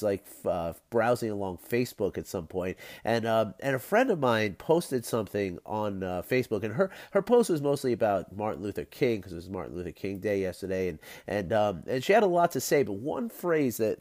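A man's voice: on the low side, mellow. Man with a nasal, scratchy voice. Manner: rambling, many fillers and repeated words, frequent light laughs. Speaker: podcast host. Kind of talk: casual solo podcast talk.

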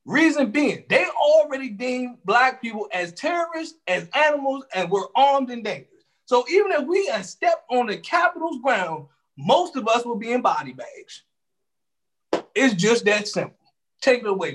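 A man co-hosting a casual talk show, speaking in a heated, profane and animated way. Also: extremely high pitch, moderate pace. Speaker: podcast co-host. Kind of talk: casual commentary.

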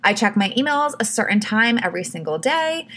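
A woman's voice: a little high, sing-song, fairly quick, fairly bright tone, slight background noise. A woman hosting her own podcast, giving casual advice in a chatty way, full of "like" and "you know". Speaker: podcast host.

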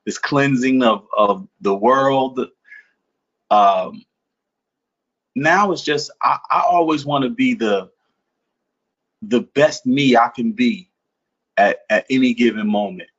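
A man's voice: mid-range voice, muffled recording. Laid-back man from New Jersey. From Newark, New Jersey. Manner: relaxed, reflective, many fillers and restarts. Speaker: interview guest. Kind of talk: casual conversation.

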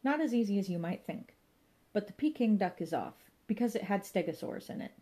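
A woman voicing a dry, fussy male pub landlord who talks in a deadpan, matter-of-fact way. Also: mid-range voice, a little fast, voice pushed up, close to an everyday voice.

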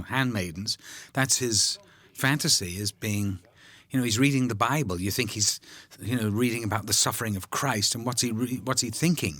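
An older male actor recording a film commentary, telling anecdotes in an animated way and voicing the people he quotes. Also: mid-range voice. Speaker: actor discussing his film. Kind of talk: commentary track chat.

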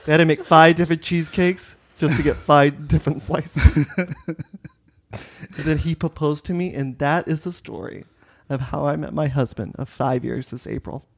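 A young man co-hosting a casual chat, joking, laughing a lot and spinning an absurd improvised story with loud exaggerated voices. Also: on the high side, fairly even intonation, normal speed, creaky. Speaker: podcast co-host.

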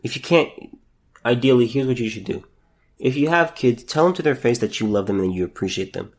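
A man hosting a solo podcast, talking in a halting, emotional way, repeating words as he holds back tears. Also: mid-range voice, animated. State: close to tears. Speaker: podcast host.

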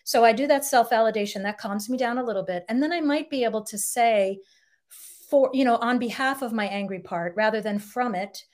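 A woman's voice: fairly high pitch, fairly quick, darkish tone. A middle-aged woman, a couples therapist, explaining ideas in a podcast interview and acting out example quotes.

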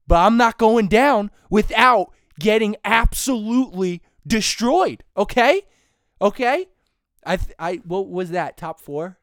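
A young man hosting a casual comedic rant, excitable and quick to get fired up. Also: high-pitched, no echo, studio quality. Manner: excitable, builds to shouting when fired up. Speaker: host.

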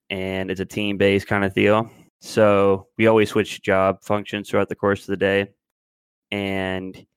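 A man's voice: on the low side, clear, resonant tone, dry recording. A man in his twenties telling a long story in casual podcast chat, rambling and loose. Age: 20s. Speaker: podcast co-host.

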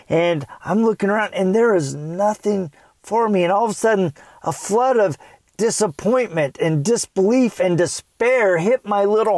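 Earnest high-voiced man telling a story. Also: no echo. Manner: earnest, animated when retelling, acts out his child self. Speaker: parenting speaker. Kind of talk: personal storytelling.

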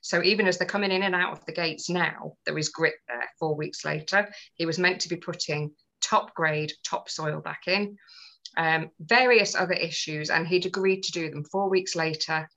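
A woman's voice: low-pitched, fairly even intonation, normal speed, bright, forceful tone, poor audio. A woman on a podcast, telling a personal story in earnest, detailed casual chat. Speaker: podcast co-host.

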